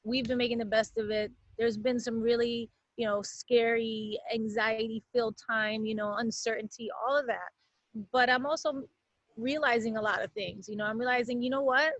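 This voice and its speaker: A woman's voice: on the high side, moderate pace, dry recording, muffled recording. A woman guest chatting casually on a talk show from home, telling stories with lots of laughter. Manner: animated storyteller, laughs often. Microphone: video call from home.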